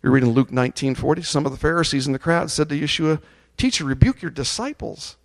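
A man preaching a sermon, reading scripture aloud and leading the congregation in call-and-response chants, rising to loud ringing peaks. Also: fairly high pitch, animated, quick pace. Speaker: pastor.

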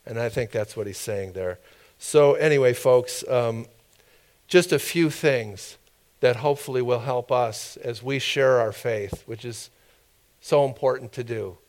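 A man preaches to his congregation in an easygoing, conversational style. His voice sits at an ordinary middle pitch, and he breaks off now and then for quick asides and questions to the people in front of him. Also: a little mellow. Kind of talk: conversational sermon.

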